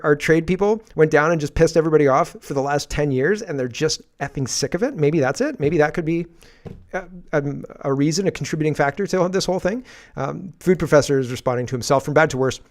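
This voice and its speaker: A man hosting a daily political commentary livestream, reading posts aloud with sarcastic asides and frequent laughs. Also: a little high.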